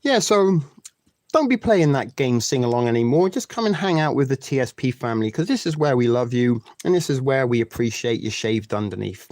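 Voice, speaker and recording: A man's voice: medium pitch, big pitch swings, fairly quick, darkish tone, no echo. A man in his forties hosting a live stream, chatting casually and crudely joking with his viewers. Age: 40s. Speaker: livestream host.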